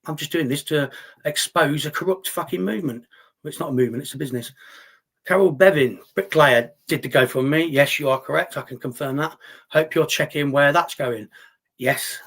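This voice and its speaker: Guy on a livestream, gravelly, fairly high voice, arguing with chat and swearing a lot. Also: moderate pace, fairly bright tone. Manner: blunt, swearing, argumentative. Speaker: livestream host reading chat. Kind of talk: casual live stream chat.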